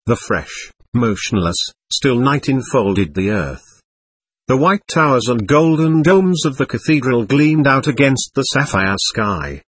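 A man narrating a literary audiobook in an expressive, dramatic reading. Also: mid-range voice, measured pace, husky, dry recording.

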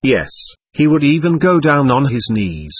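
Man playing a gentle young man, storybook, earnest, sorrowful, soft, husky. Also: medium pitch, sing-song, unhurried, no echo.

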